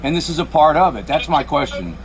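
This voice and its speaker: Sarcastic man, higher voice. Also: lively intonation, brisk, background noise. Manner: sarcastic, mocking, repeats his pointed questions. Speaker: channel host making a phone call. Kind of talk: confrontational phone call.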